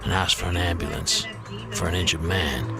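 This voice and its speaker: A man narrating a crude mock documentary in a deadpan way. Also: low-pitched, moderate pace. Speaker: host. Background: loud music.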